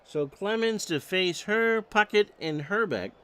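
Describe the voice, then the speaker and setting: A man's voice: sits high, lively intonation, measured pace, pushed and bright, smooth. A man calling baseball play-by-play, reading off stats with wry joking asides. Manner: stat-heavy calls with wry joking asides. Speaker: play-by-play announcer.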